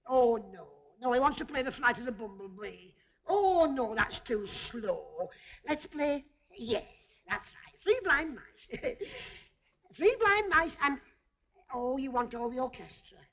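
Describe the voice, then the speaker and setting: A woman's voice: high-pitched, sing-song, slow pace, fairly bright tone. A woman entertainer performing a comic stage routine, chatting to a teddy bear and fussing over it, coaxing and laughing as she goes.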